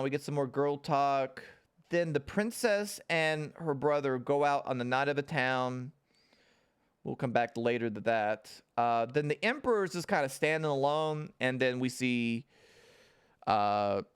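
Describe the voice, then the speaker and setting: Slow-talking man with a smooth voice. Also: mid-range voice. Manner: rambling, halting recap with many fillers and restarts; laughs and swears casually. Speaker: TV show reviewer. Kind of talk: casual livestream episode recap.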